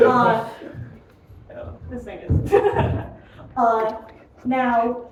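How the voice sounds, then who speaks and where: A woman's voice: on the high side, big pitch swings, very slow, long pauses. A young American woman doing a stand-up comedy set, self-deprecating and chatty, often laughing at her own jokes. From United States. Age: young adult. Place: comedy club room with a live audience. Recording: echoey room, mic heard from a distance, noisy.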